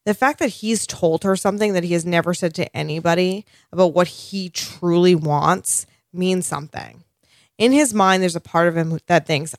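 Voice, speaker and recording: An animated woman co-hosting a casual TV recap chat, swearing freely and gushing. Her voice sits a little low for a woman. The sound is dry and close. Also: normal speed, no room sound. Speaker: podcast co-host.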